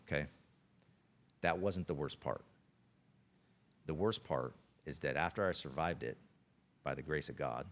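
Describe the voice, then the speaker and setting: Very deep-voiced middle-aged man. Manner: earnest, plain-spoken storyteller. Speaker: police officer and guest. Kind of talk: podcast interview storytelling.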